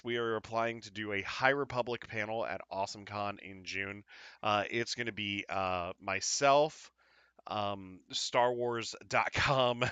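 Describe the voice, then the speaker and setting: A man hosting a casual live show, chatting in an upbeat, rambling way with lots of fillers and quick apologies. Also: fairly low pitch, pushed and bright, no echo, highs cut off. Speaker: podcast host. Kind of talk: casual live-stream chat.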